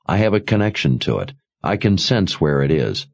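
Audiobook: male narrator as a self-assured young lord, low and lively. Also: normal speed, gravelly, heavily acted. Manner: assured, explanatory. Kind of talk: audiobook character voice.

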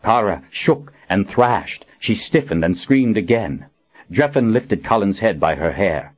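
A man narrating a dark fantasy audiobook with a dramatic, expressive reading. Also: on the low side, unhurried.

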